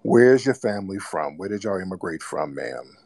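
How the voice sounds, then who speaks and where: A man's voice: low voice, animated, normal speed, gravelly, a little mellow, breathy edge. A man hosting a live call-in broadcast, mocking and scolding a caller. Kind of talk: casual call-in radio talk.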